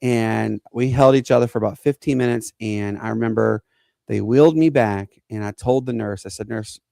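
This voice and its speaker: A man, co-hosting a podcast and telling a personal story in an earnest, halting way. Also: on the low side, gravelly, mellow, dry recording. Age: 40s. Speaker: podcast co-host.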